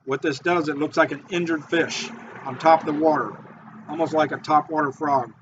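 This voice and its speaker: A man who makes fishing baits and guides charters, giving an excited, repetitive how-to talk. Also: on the high side, moderate pace, background noise. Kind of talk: casual how-to video talk. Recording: dull lo-fi audio.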